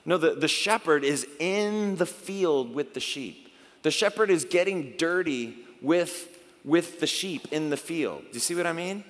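Animated male pastor, reverberant hall. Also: fairly high pitch, unhurried. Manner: conversational, animated, acts out little exchanges. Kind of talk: sermon.

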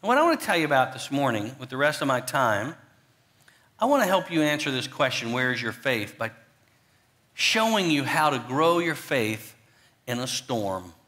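A man pastor preaching a sermon, animated, swinging between loud emphatic bursts and quiet low asides. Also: normal speed.

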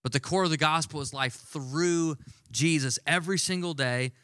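A man preaching a sermon with a bright, fairly high voice, chatty yet emphatic, stretching out key words for weight. The sound is dry and close, with no room echo. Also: clean tone. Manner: conversational, emphatic preaching with slowed stressed words. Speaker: pastor.

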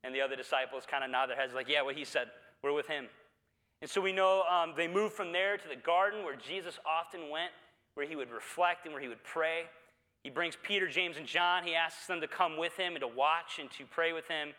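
A man preaching a Sunday sermon as pastor, talking conversationally and often pausing on "uh" and "um.". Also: on the high side, bright, forceful tone, long reverb tail. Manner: conversational preaching with frequent "uh" fillers.

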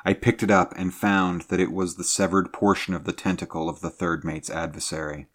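A man with a very deep voice reads a sea adventure as an audiobook. His narration is measured and steady. He slows and lifts his voice to build drama at the tense moments. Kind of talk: scripted narration of an adventure story.

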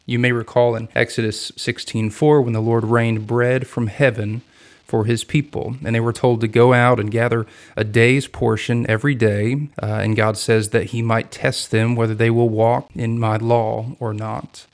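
A man hosting a daily podcast, reading scripture and explaining it in a measured, earnest way. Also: medium pitch, little pitch movement. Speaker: podcast host and Bible teacher. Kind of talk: scripted devotional Bible teaching.

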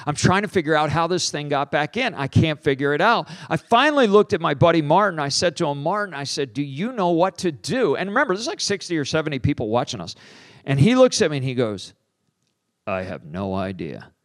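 A middle-aged man preaches by telling a story in a slightly high voice. He acts out every exchange, jumping in pitch and loudness. The sound is dry and close. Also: no echo. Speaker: pastor and teacher on deliverance. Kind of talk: storytelling sermon.

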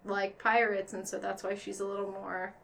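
A woman's voice: mid-range voice, flat delivery, normal speed, gravelly, fairly bright tone, a little hiss or hum. A woman tabletop player chatting casually, filling her talk with "like". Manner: chatty, lots of filler "like". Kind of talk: casual podcast chat.

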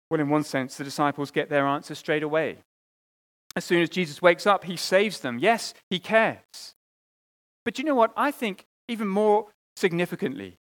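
A man delivers a sermon with a voice pitched a little high. He talks earnestly, restarting phrases and repeating words, and moves between raised, emphatic appeals and soft, hushed asides. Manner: earnest, with pauses and repeated words, rising and falling between loud and quiet. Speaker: preacher.

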